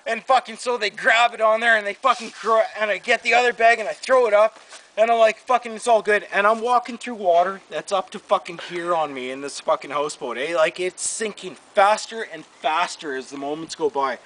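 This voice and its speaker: A man with a high voice spins a wild, profanity-laced story in an easy, casual way. He keeps piling on the swearing and pushing forward with animated energy. The recording carries a clear layer of background noise. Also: rough recording. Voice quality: heavy swearing, animated, fast-building rants.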